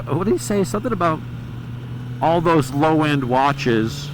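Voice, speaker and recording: This man's voice is a little high and moves at normal speed. He's a motorcycle vlogger on a helmet mic outdoors, amid loud wind and road noise, telling rambling, blunt, profane stories as he rides.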